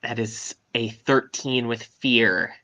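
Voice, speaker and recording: A man's voice: mid-range voice, little pitch movement, slow, bright, forceful tone. A man playing in a tabletop game, hesitant when he asks and clipped in character. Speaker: player. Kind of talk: tabletop role-play.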